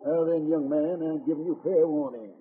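A man's voice: a little high, steady tone, moderate pace, gravelly, breathy edge, soft background music. An actor playing a bad-tempered, wealthy mining boss and father who barks orders, in a 1950s radio drama on a lo-fi old broadcast. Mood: angry. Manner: blustering, barking orders.

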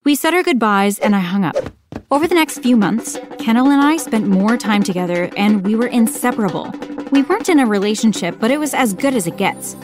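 A woman narrating a first-person story in a plain, steady reading voice. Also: on the high side, a little fast, music in the background.

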